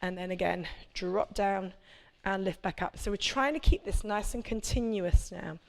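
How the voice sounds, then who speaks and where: A woman's voice: mid-range voice, moderate pace, creaky. A woman, a prenatal fitness instructor, coaching a live workout class with chatty, encouraging cues and check-ins.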